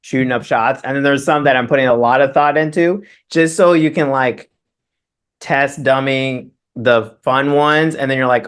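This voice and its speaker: A man's voice: mid-range voice, steady tone, normal speed, fairly bright tone. A man co-hosting a podcast in casual chat, rambling with many fillers. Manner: rambling, full of "you know" fillers. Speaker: podcast co-host.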